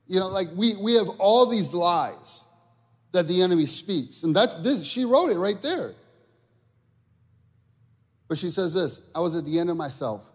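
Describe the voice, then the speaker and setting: Man, pastor, high voice, passionate sermon, long hall reverb. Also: animated, measured pace, pauses often, slightly rough. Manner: builds from quiet to shouting preacher. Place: church sanctuary.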